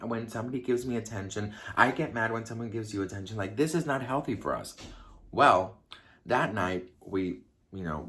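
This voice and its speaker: A man's voice: on the low side, a bit bright. A young man telling a personal story to his viewers in a casual, confiding vlog style. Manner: chatty and confiding, addresses viewers directly. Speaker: vlogger.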